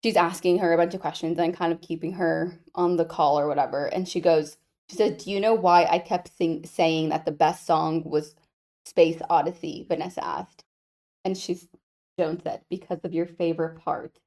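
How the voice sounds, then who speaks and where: Young female podcast co-host, lowish voice, rambling and teasing. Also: steady tone, normal speed, a little mellow. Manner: filler-heavy, rambling, teasing. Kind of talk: casual book club chat.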